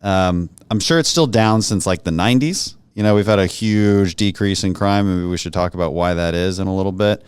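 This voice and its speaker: A man's voice: deep voice, fairly quick, few pauses, clear, resonant tone, no room sound, clean studio sound. A man hosting a podcast interview, chatting casually and jokingly with plenty of fillers. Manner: relaxed, joking, many fillers. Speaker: podcast host, congressman.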